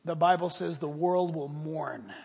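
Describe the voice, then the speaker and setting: A male pastor delivering a sermon with a husky, fairly high voice. He preaches dramatically, swinging from near-shouts to quiet asides. His voice rings with the long reverb of a large church hall. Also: a little slow.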